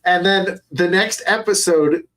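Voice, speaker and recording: A young adult man co-hosting a podcast in casual chat, excitable and cursing freely as he retells scenes. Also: high-pitched, unhurried. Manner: excitable, swears a lot while retelling scenes. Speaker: podcast co-host.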